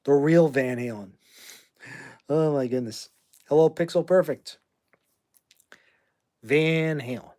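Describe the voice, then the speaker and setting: A man's voice: on the high side, unhurried, pauses often, dark tone. A man in his fifties from the United States, hosting a livestream in a brash, rambling, trash-talking way while answering viewer comments. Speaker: livestream host.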